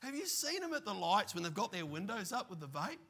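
Gravelly, bright-voiced preacher. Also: male voice, high voice, a little fast. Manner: animated preaching with playful asides. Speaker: pastor. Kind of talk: sermon.

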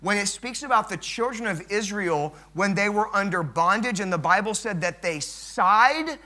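A middle-aged man preaching a sermon as pastor, swinging from loud, emphatic build-ups to hushed, low passages. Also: expressive, moderate pace.

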